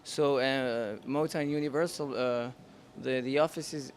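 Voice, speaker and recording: A man in his thirties with a French accent, a singer answering interview questions in a friendly, unhurried way while searching for words in English. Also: medium pitch, fairly even intonation, a little hiss or hum. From France. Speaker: singer and pianist. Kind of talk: casual interview.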